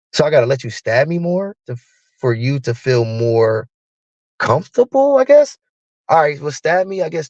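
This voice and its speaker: A man's voice: medium pitch, no echo, highs cut off. A man ranting in a profane, heated monologue, acting out both sides of an argument with a partner. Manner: profane, heated, animated storytelling. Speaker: live streamer.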